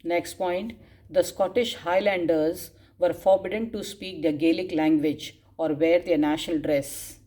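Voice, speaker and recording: A woman's voice: fairly low pitch, fairly even intonation, unhurried, dark tone. A woman teacher dictating class notes, spelling words out and repeating phrases, with frequent coughs. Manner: frequent coughs and throat clearing.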